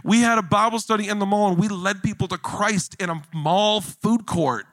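A man preaching a sermon in a church, animated and jokey, building emphasis as he goes. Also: high voice, moderate pace, no room sound. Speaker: pastor.

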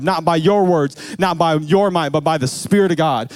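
A man's voice: on the high side, moderate pace, hardly any pauses, a little mellow, no room sound. A man preaching a sermon as pastor, earnest and building to fervent emphasis.

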